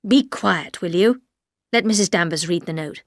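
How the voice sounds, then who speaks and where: A woman voicing a stern, formal older colonel who speaks in a measured, authoritative way. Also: lowish voice, dry recording, studio quality, voice pushed down, natural voice.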